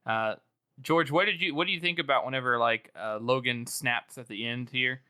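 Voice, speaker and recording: Man, co-host, casual book chat, eager and rambling, very bright tone. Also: medium pitch, normal speed, smooth. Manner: enthusiastic, rambling with many restarts. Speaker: podcast co-host.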